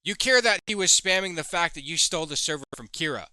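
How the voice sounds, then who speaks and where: Sharp, bright-voiced angry man. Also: a little high, expressive, fast talker, clean tone, no room sound. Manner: accusatory, swears freely. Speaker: commentary host. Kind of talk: heated commentary reading chat logs aloud.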